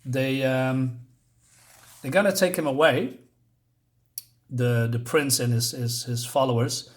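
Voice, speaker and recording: A man casually reviewing a comic book, paging through it while pausing often to search for words. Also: medium pitch. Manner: halting, searches for words, many fillers.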